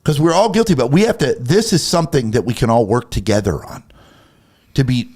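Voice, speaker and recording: A man co-hosts a faith talk show with an emphatic, heated delivery. His pitch rises and falls widely as he acts out little quoted conversations and presses his point home. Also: animated, brisk, a little mellow. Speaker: co-host of a Christian talk show. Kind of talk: casual faith talk, preachy.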